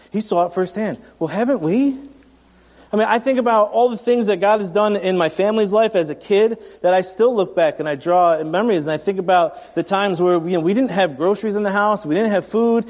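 A man's voice: high-pitched, a little mellow, in a large hall. A man in his thirties preaching a sermon in a conversational, storytelling way, often restarting his sentences. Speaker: pastor.

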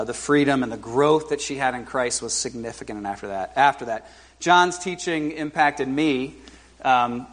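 A man in his forties preaching as a guest speaker to a church congregation, in a conversational, halting way with lots of fillers and self-deprecating humor. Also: medium pitch, fairly bright tone. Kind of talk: informal sermon. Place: church service before a congregation.

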